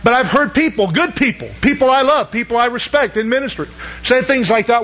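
A man's voice: very high voice, fairly quick, fairly bright tone, dull audio. A man preaching a sermon, asking the congregation questions and pressing each point with emphasis. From Southern United States. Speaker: pastor.

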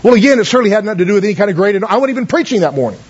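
A man's voice: high-pitched, sing-song, racing, husky, muffled recording. A man pastor telling stories in a sermon, folksy, with many fillers and calls of amen. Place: church.

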